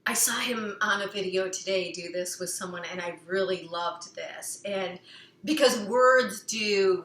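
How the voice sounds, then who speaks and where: A woman gives a casual self-help talk, rambling along with many fillers. Her voice is bright and forceful, and she sometimes sings a phrase playfully. The room adds a noticeable echo. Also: fairly low pitch. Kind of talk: casual personal talk on healing. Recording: echoey room.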